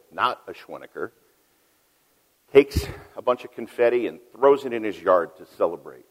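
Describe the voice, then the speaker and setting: Deep-voiced preacher in a reverberant hall. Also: male voice. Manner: storytelling, swings from loud emphasis to hushed asides. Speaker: pastor. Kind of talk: sermon. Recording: long reverb of a large hall.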